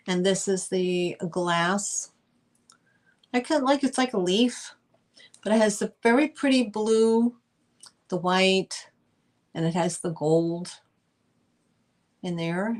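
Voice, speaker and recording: A woman hosting a casual live-stream vintage sale, chatty and rambling with lots of fillers. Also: on the low side. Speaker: host selling vintage items.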